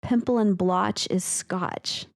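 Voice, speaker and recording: A woman co-hosting a podcast in casual chat, excitable and casually profane, reading bits aloud. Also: medium pitch, slow pace, gravelly. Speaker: podcast co-host, teacher.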